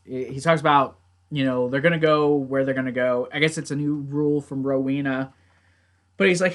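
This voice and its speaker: A man's voice: fairly high pitch, normal speed, fairly bright tone. A man recapping and reviewing a TV episode in a casual, rambling way, now and then swearing at himself or his gear. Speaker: TV show reviewer.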